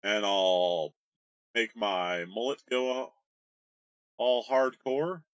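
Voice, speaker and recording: A man's voice: fairly low pitch, very slow, clear, resonant tone, no echo, voice pushed down. A man voicing a bored male god posing as an elf, talking in a flippant, casual way.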